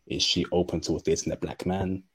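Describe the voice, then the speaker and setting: A man hosting a livestream, speaking slowly and deliberately with a non-native English accent. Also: deep voice, level tone, slightly rough. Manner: slow, deliberate speech. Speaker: livestream host. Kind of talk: casual livestream talk.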